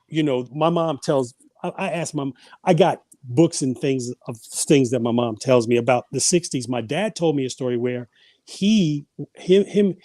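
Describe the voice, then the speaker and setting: Mellow-voiced man telling family stories. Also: mid-range voice, no room sound. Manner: rambling, frequent restarts and repeated words. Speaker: podcast guest. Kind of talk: casual storytelling.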